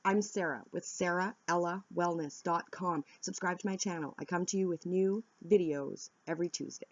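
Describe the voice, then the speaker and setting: A woman's voice: on the low side, moderate pace, no room sound, muffled recording. A woman wellness vlogger giving earnest, candid self-help advice to viewers. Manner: earnest, coaching, direct and candid. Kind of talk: instructional self-help talk.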